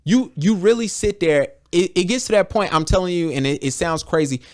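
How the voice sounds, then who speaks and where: This podcast host, a young adult American man, has a high-pitched, brisk, slightly mellow voice. He chats openly and bluntly, swearing plenty and reenacting dialogue in quotes.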